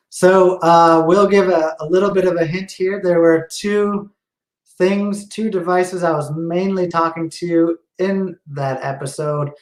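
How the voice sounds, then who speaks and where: A man's voice: fairly high pitch, a little mellow. A man hosting a casual online show, playfully quizzing his co-host and teasing about the answers. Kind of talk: casual quiz show chat. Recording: roomy echo.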